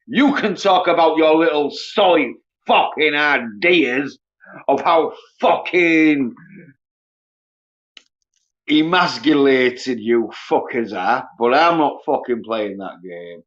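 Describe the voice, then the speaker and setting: A slow-talking man on a livestream, pouring out a stream of swearing and scorn in a fairly high voice. The sound is dull and lo-fi. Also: lively intonation, a bit bright. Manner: profane, scornful ranting. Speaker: livestream host. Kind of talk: casual livestream rant.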